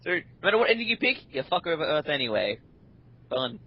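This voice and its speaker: A man's voice: fairly high pitch, sing-song, quick pace, highs cut off. A man co-hosting a casual gaming podcast, rambling and complaining animatedly. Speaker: podcast co-host.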